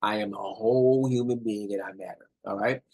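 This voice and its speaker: A middle-aged man with a lowish, steady, slightly mellow voice gives a casual talk to viewers on relationship communication, speaking a little fast. He is emphatic, repeats his points and keeps checking in with "all right?", though the audio is poor.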